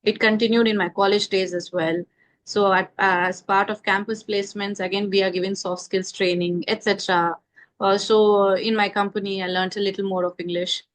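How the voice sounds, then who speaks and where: A woman in her thirties from India with an Indian accent, a confident and measured guest giving her views in a casual conversation about speaking English. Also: mid-range voice, flat delivery. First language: Indian mother tongue.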